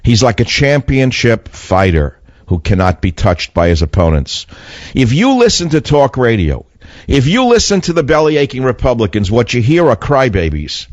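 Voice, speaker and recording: A man's voice: mid-range voice, sing-song, moderate pace, no room sound. A man hosting a radio talk show, delivering an emphatic monologue that repeats its points for effect. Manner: emphatic, repetitive, mocking whiny voices. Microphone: studio microphone. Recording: muffled dry radio broadcast.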